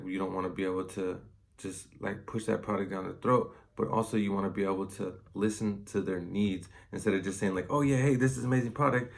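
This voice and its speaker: A man's voice: deep voice, vocal fry. A salesman talking casually and loosely, full of fillers, as he gives advice on sales. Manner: conversational, loose, heavy on fillers. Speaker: inside salesman.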